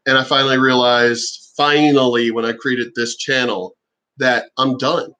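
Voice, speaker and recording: A man ranting on his own vlog, profane and exasperated, now and then mocking others in shrill voices. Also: level tone, measured pace, sharp tone, poor audio. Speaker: channel host.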